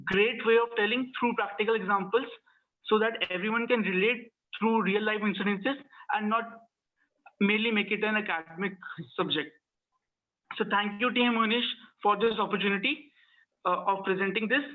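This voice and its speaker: A man's voice: high voice, fairly even intonation, moderate pace. A man giving a hesitant evaluation of a speech at an online club meeting, stopping and restarting often. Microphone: video call. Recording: tinny phone-like line.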